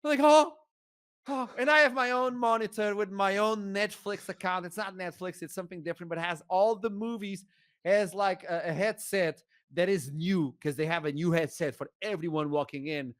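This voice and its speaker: A young man with a Portuguese accent, an esports caster guesting on a podcast, telling an animated story with laughs and sudden shouts. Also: high-pitched, moderate pace, smooth, no echo, clean studio sound. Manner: animated, acts out scenes, laughs often, bursts into shouts.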